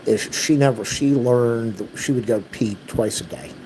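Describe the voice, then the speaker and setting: A man's voice: medium pitch, moderate pace, background noise. A man telling an exasperated, repetitive story to his viewers in a casual rant. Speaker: vlogger.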